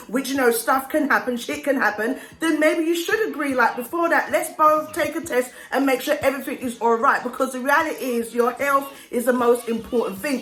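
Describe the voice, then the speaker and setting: A woman chatting casually and giving opinions while reviewing TV shows as a vlogger. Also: sits high. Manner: chatty, opinionated, animated storytelling. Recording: roomy echo with faint music.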